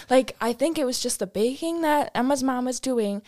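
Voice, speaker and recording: Young woman on a podcast, bit high voice, dry close sound, acts out what people said. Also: moderate pace, hardly any pauses, no echo. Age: young adult. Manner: animated storyteller, acts out quotes. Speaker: podcast guest. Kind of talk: casual chat.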